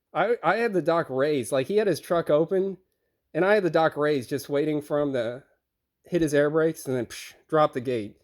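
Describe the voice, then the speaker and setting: A man's voice: fairly high pitch, darkish tone. A young man telling a rambling, profane story about a run-in at work, acting out the other people's lines. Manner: profane, rambling, acts out quoted voices. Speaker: overnight grocery receiver. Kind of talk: casual storytime rant.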